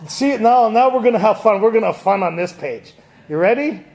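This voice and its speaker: A man with a high, gravelly voice leads a group study, firing questions at the room and teasing people with a laugh. He talks to a live audience in a meeting room. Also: animated, fairly quick, darkish tone. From Canada. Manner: quizzes the audience, joking and laughing. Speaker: AA speaker leading a Big Book study. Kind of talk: lively talk to a recovery group.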